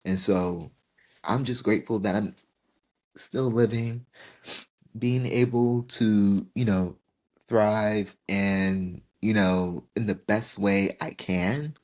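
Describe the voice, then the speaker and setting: A man in his twenties hosts a podcast, reflecting emotionally and through tears on growing another year older. His voice sits on the low side, a little mellow, with fairly even intonation and a slow pace.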